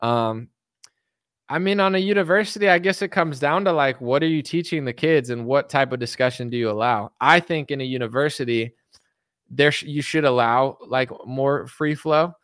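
A man streaming casual commentary, talking animatedly with lots of "like" and quick jumps into mock voices. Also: mid-range voice, fairly bright tone, clear, resonant tone, no room sound, clean studio sound.

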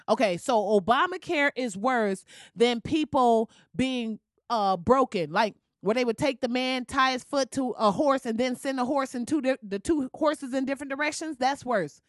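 A woman's voice: a little high, no echo, studio quality. Heated profane woman ranting. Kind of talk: profane rant.

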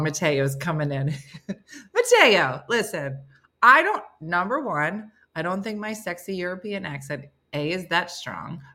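Animated, lower-voiced New Jersey woman host. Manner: animated, joking, laughs often. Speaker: live-stream morning show host. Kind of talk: casual chat reading viewer comments.

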